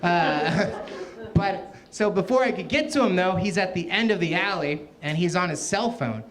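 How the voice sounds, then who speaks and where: A man telling a stand-up story on a club stage, animated and laughing at his own tale as he acts out what people said. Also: high voice, moderate pace. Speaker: stand-up comedian. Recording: live club recording, loud crowd. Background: audience laughter and club noise.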